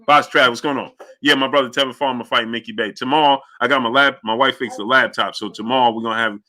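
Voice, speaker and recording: This boxing show host talks fast in a mid-range voice during his livestream commentary. He reads the chat, greets people by name, and animatedly gets his audience fired up.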